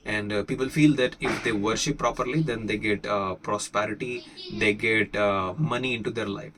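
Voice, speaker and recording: Indian guy teaching english, kinda low voice, lots of uhs and likes, faint crackers popping far off. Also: a little hiss or hum. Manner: explains with many pauses and fillers. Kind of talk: casual spoken lesson. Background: faint fireworks.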